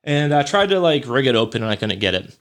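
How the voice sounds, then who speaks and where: A man's voice: mid-range voice, sing-song, fast talker, a bit bright. A young man hosting a podcast, rambling through a casual story with lots of fillers, swearing and chuckles. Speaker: podcast host.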